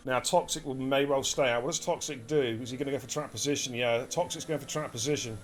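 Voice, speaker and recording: A man with an English accent giving lively, chatty live commentary on an esports race and talking to his chat as he goes. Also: mid-range voice, fast talker, slight background noise. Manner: energetic, chatty, addresses chat directly.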